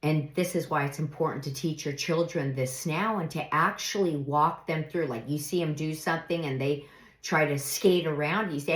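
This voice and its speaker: A middle-aged woman giving earnest, reflective life advice in an unhurried monologue, now and then acting out example phrases. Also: deep voice. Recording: echoey room.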